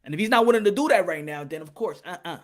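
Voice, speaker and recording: A man's voice: high-pitched, animated, racing. A man hosting a casual boxing live stream, bantering with his chat in a profane, laughing way. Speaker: boxing channel host.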